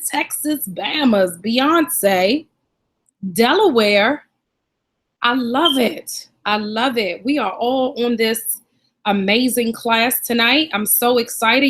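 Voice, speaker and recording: High-voiced upbeat woman hosting a class. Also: a bit bright. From Washington, D.C. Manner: upbeat, greets viewers by name and place. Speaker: online class host. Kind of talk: live webinar hosting.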